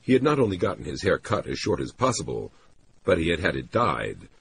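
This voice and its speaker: A man doing scripted audiobook narration, expressive and voicing characters. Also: low voice, a little fast, vocal fry, noisy background.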